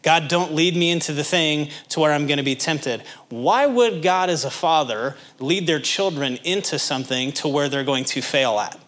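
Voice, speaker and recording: Animated man preaching a sermon. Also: on the high side, moderate pace, few pauses. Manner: animated, acts out little scenes in character voices; addresses the congregation directly with questions. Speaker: pastor.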